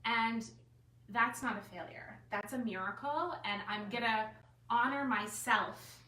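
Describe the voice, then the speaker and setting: Chatty bright-voiced woman in an echoey room. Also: on the high side, measured pace. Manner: chatty, animated storytelling full of "like" and self-quotes. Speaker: artist and designer speaking at a gathering. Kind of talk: personal story told to a group. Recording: echoey room, mic far off, faint room noise.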